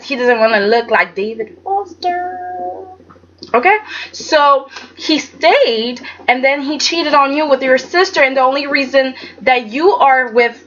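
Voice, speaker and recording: A woman's voice: fairly high pitch, fairly bright tone. Chatty woman recapping a soap, slightly dull audio. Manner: chatty, emphatic, many restarts and "okay?". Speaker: soap opera recap vlogger. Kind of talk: casual chatty episode recap.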